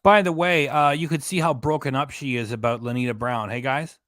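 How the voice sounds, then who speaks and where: A man's voice: medium pitch, fairly even intonation, a little fast, a bit bright, no echo, clean studio sound. A man hosting a reaction channel, talking over a livestream with mocking, profane, scornful commentary.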